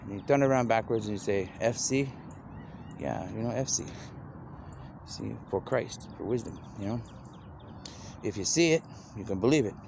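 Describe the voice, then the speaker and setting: A man's voice: on the low side, moderate pace, vocal fry, background noise. A man talking in a loose, rambling monologue, repeating "you know" constantly and drifting from idea to idea.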